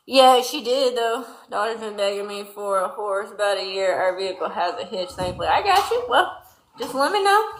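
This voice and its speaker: A chatty Southern woman with a Louisiana twang, talking folksy and easy as she reads viewer comments during barn chores. Her voice sits a touch high and sounds bright and forceful. The echoey barn rings around her phone mic. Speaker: farm livestream host. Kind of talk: casual livestream chat reading viewer comments.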